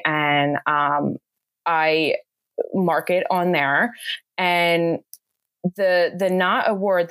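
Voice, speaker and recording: American lady gushing about her work, kinda low voice, super dry sound. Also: a bit bright, no room sound. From United States. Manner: effusive, gushing, repeats "quite literally". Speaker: guest, bridal makeup artist. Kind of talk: casual interview chat.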